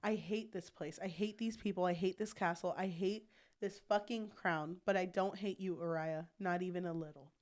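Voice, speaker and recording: Earnest vampire king, pleading, read by a woman, plain even voice. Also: lowish voice, normal speed, natural voice. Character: brooding vampire king pleading with his wife.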